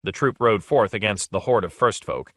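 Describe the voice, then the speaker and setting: A man reads scripted audiobook narration in a fairly low pitch, keeping his pace steady and measured. The sound is clean studio quality with no echo.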